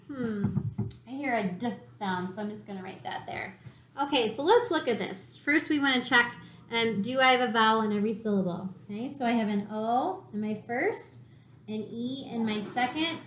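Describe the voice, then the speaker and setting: A woman's voice: a little high, moderate pace, fairly bright tone, a little hiss or hum. A woman teaching a third grade reading lesson, patiently sounding words out syllable by syllable. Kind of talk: slow spelling lesson for children. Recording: echoey room.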